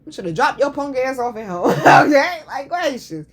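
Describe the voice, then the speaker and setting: A woman's voice: sits high, sing-song, moderate pace. A woman hosting a casual show, telling stories in a blunt, profane, sassy way. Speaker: podcast host. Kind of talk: casual storytelling chat.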